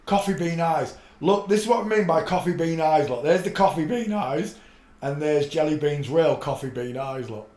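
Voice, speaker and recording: A man's voice: on the high side, lively intonation, normal speed, darkish tone. A man hosting a casual live stream, rambling and muttering to himself as he searches for clips. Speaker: channel host. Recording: echoey room.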